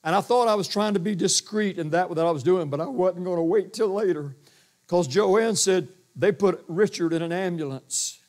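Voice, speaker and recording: An older man preaching a sermon in a church, with a booming voice and a rambling delivery full of restarts and acted-out quotes. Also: normal speed, darkish tone. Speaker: pastor. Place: church sanctuary.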